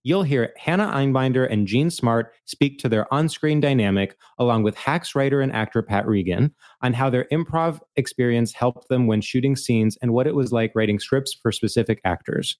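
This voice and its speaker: A man reading a scripted promo in a smooth, even way. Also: medium pitch. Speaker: ad announcer.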